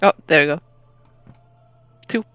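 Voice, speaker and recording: A man's voice: unhurried, bright, forceful tone, faint music behind. A man playing a tabletop game, joking and giggling along with the table. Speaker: player. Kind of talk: casual tabletop game play.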